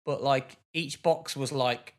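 A man, co-hosting a podcast and telling a story in casual chat, with lively bursts of exasperation. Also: mid-range voice, slow pace. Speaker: podcast co-host.

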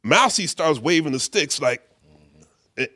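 A middle-aged man, a bass player, casually telling an anecdote in an interview, acting out quotes with many fillers. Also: lively intonation, unhurried, bright, forceful tone, no echo, clean studio sound. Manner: laid-back storyteller who acts out quotes, many fillers. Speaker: guest musician, bass player.

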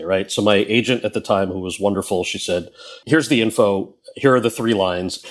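Animated man telling stories. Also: lowish voice. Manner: animated storyteller, laughs often. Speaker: guest. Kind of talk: casual interview chat.

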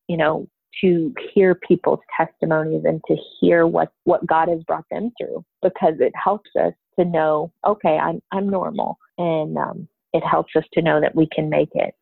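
A woman's voice: deep voice, gravelly, breathy edge, no echo. A middle-aged woman talking earnestly and from the heart about faith, sharing her own experience as a guest. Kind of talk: faith-based conversation. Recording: tinny phone-like line, dry.

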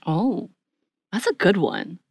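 A woman's voice: fairly low pitch, lively intonation, slow, slightly rough, no echo, studio quality. A woman co-hosting a podcast, chatting eagerly and laughing at herself as she welcomes a guest. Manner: eager, chatty, self-deprecating. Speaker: podcast co-host. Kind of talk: casual interview chat.

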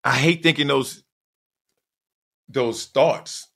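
A middle-aged man hosting a podcast, telling a personal story in an emphatic, digressive way with sudden loud whoops. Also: medium pitch, slow, creaky. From Southern California. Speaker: podcast host.

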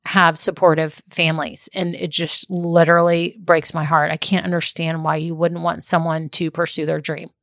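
A woman's voice: low voice, little pitch movement, moderate pace, few pauses, a bit bright, dry recording, studio quality. A woman who hosts a podcast and coaches small business owners. She talks casually, laughs often and drifts into tangents. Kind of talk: casual solo podcast talk.

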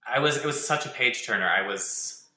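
A man calling in to a comedy podcast over a video call. His voice is very bright and sharp, and it echoes in a room. He chats in a loose, meandering way. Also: medium pitch, expressive, moderate pace. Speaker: podcast guest. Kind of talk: casual video-call chat.

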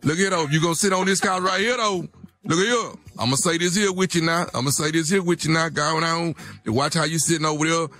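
A man's voice: a little high, a little fast, sharp tone. A man playing a phony, boastful boyfriend who talks in drawling slang and rambles, stumbling over words, as a comic radio impression.

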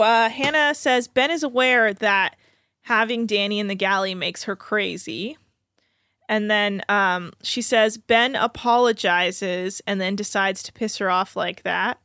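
A woman's voice: medium pitch, a bit bright, dry recording, studio quality. A woman co-hosting a podcast, retelling a reality show episode in a chatty, run-on way. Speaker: podcast co-host. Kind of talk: casual chat recapping a reality show.

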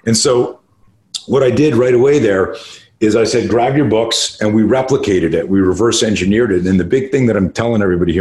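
A man's voice: on the low side, darkish tone. A man in his sixties from Canada, a martial arts instructor telling stories in a podcast interview, swearing freely and talking with emphasis. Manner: profane, emphatic storyteller. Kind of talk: conversational interview storytelling.

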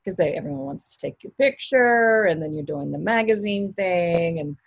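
A woman with a low, gravelly, slightly husky voice talks through an interview in a loose, rambling way, full of fillers and restarts. The sound is dry and close. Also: animated, normal speed, no room sound, dull audio. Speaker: actress guest. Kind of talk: casual interview chat.

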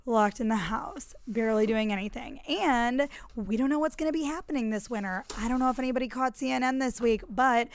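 A young woman hosting a podcast in casual chat, bubbly and chatty, with quick asides. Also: on the high side, slight background noise. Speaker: podcast host.

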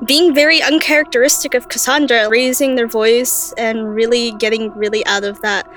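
High-voiced woman player at a game table. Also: steady tone, moderate pace, fairly bright tone, low-quality recording. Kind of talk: casual tabletop play.

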